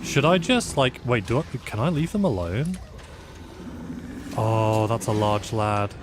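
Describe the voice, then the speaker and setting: A man's voice: fairly low pitch, lively intonation, measured pace, background noise. A man from the UK casually commentating a game as a live streamer, reacting with sudden exclamations and chatting with viewers. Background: game music.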